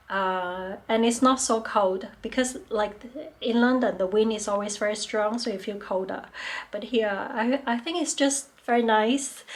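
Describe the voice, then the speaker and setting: A woman vlogger chatting casually to her camera at an average pitch. She talks in a loose, hesitant way with plenty of fillers and often laughs as she goes. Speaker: travel vlogger.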